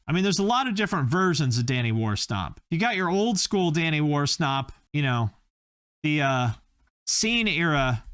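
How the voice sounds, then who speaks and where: Male host, slightly high voice, rambling comedic riffing, dry close mic. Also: a bit bright, smooth, no echo. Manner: rambling, joking, with filler-heavy tangents. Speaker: YouTube host. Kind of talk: comedic casual commentary.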